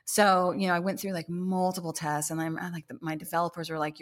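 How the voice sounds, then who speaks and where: A woman's voice: lowish voice, level tone, fast, few pauses. A woman guest on a casual podcast, telling stories in a chatty way with lots of "like" and acted-out quotes. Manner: chatty storyteller, heavy use of "like", acts out quotes. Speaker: guest denim expert.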